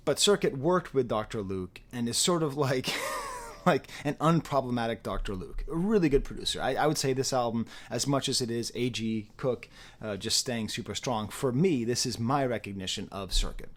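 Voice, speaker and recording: A man giving a casual, rambling spoken album review, animated and prone to interrupting himself. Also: medium pitch, normal speed. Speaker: music reviewer.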